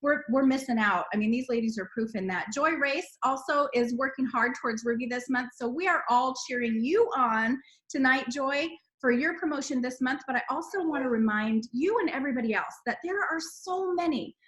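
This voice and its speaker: A woman leads a team sales call over video. Her high voice is gushing and encouraging, full of praise for her team. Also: normal speed, a bit bright.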